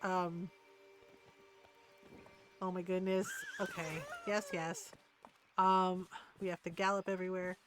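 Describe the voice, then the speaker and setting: Woman streamer rambling while she plays, lots of ums, quiet game music behind. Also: lowish voice, little pitch movement, slow, long pauses. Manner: chatty, rambling, trails off into ums. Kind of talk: casual chat while playing.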